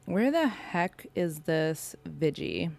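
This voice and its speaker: A woman's voice: on the low side, takes it slowly, gravelly. Bubbly woman chatting on a stream. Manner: bubbly and excitable, chatting to viewers. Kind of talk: casual live-stream chat.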